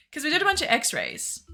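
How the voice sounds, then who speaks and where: A woman's voice: high-pitched, wildly swooping pitch, a little slow, bright, forceful tone, faint music behind. A woman streamer telling a story in casual chat, rambling with fillers and laughs.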